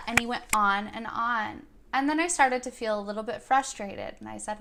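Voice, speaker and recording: A young woman vlogger telling a personal story in an earnest, thoughtful way. Her voice sits a little high and sounds bright and clear. She quotes her own words as she goes. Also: normal speed, few pauses. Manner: earnest and thoughtful, quoting herself in dialogue. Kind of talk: reflective first-person storytelling.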